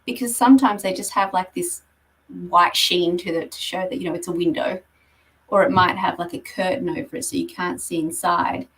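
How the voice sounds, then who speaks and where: Woman presenting, lowish voice, explanatory and conversational, picked up from a distance. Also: moderate pace, fairly bright tone. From Australia. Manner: explanatory, conversational, frequent ums. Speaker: guest speaker on property marketing. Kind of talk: presentation with slides.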